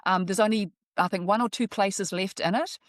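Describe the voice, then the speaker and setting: A woman's voice: mid-range voice, normal speed, no room sound, studio quality. Earnest, chatty middle-aged woman astrologer. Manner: earnest, chatty, laughs between thoughts. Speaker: astrologer and workshop leader. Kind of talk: relaxed interview talk. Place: New Zealand.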